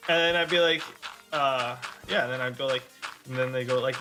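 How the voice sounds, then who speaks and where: A man's voice: medium pitch, fairly quick, music in the background. A young man from Wisconsin chatting casually while gaming on stream, telling rambling stories, acting out quotes and swearing freely. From Wisconsin, USA.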